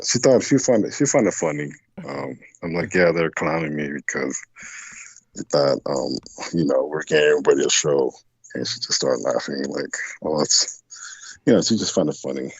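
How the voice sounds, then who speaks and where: Very deep, husky-voiced drowsy man. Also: dry recording, lo-fi sound. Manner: halting, hesitant. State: just woke up. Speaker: call-in guest. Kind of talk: casual chat.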